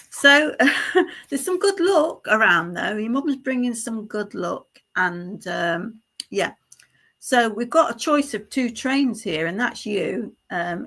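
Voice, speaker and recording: A woman with a bright, clear voice gives a live psychic reading. She talks in a halting, meandering flow, full of fillers and self-corrections. She keeps checking in with the sitter, asking "isn't it?" and "don't you?". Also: mid-range voice. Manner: halting, stream-of-consciousness delivery with many fillers and restarts; addresses the sitter directly, checking in with tag questions. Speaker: psychic medium.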